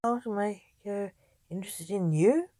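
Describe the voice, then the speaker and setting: A woman voicing a blunt, suspicious male highwayman in a story reading. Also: normal speed, dark tone, close to an everyday voice.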